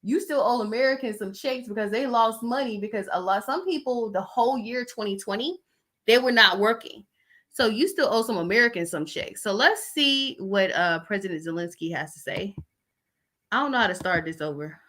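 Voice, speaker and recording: A woman's voice: medium pitch, normal speed, fairly bright tone. A woman in her thirties giving casual commentary on news stories, blunt and emotional, sighing often as she reads. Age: 30s. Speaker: vlogger reading the news.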